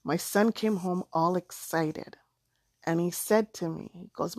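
Woman storyteller, gentle and unhurried, dry close sound. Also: lowish voice, no echo. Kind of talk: storytelling narration.

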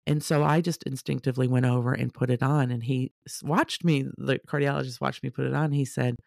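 A woman telling a personal story casually, animated, acting out the people she quotes. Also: extremely low pitch, brisk, vocal fry, few pauses, dry recording, clean studio sound. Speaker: storyteller sharing a personal testimony.

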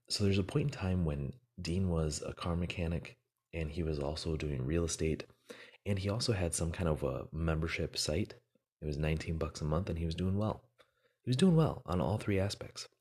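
A man's voice: low-pitched, breathy edge. A man giving an earnest, motivational casual talk, rambling with fillers and repeated words.

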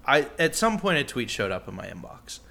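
A man's voice: medium pitch, sing-song, a little fast, creaky. A man co-hosting a podcast, chatting casually and playfully with his friend, joking around. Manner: playful, jokey, bursts into mock shouting. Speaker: podcast co-host.

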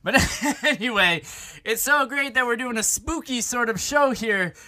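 A man's voice: very high voice, lively intonation, unhurried, bright, forceful tone. A man hosting a comedy podcast in casual chat, rambling and self-interrupting with frequent laughs. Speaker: podcast host.

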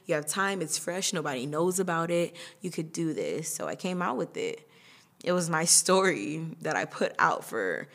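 A woman's voice: low voice, creaky. Chatty young woman hosting a podcast. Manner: chatty, laughs often, acts out quoted voices. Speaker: podcast host. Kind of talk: casual personal monologue.

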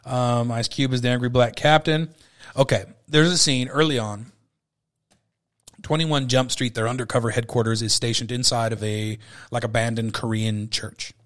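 In a mid-range voice with fairly even intonation and a moderate pace, this podcast host in his thirties reviews a beloved movie informally. The chat wanders, swears freely, and leans on plenty of filler words.

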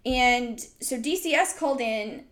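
A woman's voice: a little high, a little slow, a bit bright. A young adult woman hosting a podcast, telling a story in a casual, rambling way with many "like"s and "um"s. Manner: rambling, full of "like" and "um". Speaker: podcast host.

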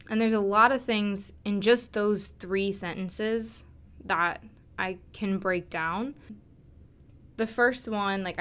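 A woman's voice: mid-range voice, takes it slowly, a bit bright. A young woman hosting a podcast, talking casually with frequent fillers and restarts. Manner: chatty, many fillers and restarts. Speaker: podcast host. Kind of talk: casual monologue on self-love.

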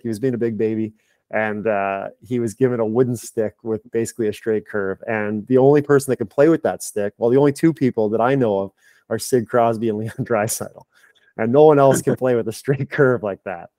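A man in his thirties, a high performance coach, talking candidly on a podcast, rambling with fillers and restarts. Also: mellow, no echo. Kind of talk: casual podcast conversation.

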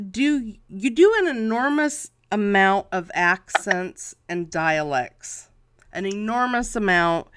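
A woman hosts a podcast interview with a bright, clear voice. She talks slowly and with enthusiasm. She often stumbles and repeats her words as she frames her questions. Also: medium pitch, slight background noise. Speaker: podcast host. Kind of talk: casual interview chat.

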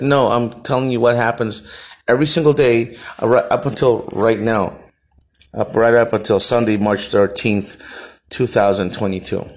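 A man's voice: mid-range voice, fairly even intonation, moderate pace. A man from El Salvador hosting a podcast, telling a personal story bluntly and with profanity, often restarting his sentences. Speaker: podcast host.

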